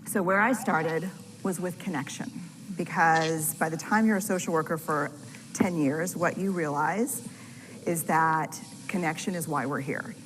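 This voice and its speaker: A woman researcher speaks to an audience in a candid, self-deprecating storytelling manner. Her voice sits a little low. It carries long hall reverb with steady noise underneath. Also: measured pace. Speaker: researcher and storyteller giving a talk. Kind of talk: public talk to an audience.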